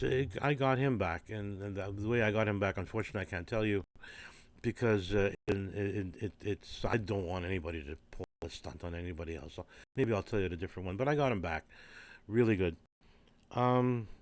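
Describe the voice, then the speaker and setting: A man's voice: lowish voice, dry recording. An older man, a former orchestra percussionist, tells stories casually in a rambling, digressive way with wry humour. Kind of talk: casual anecdotal storytelling.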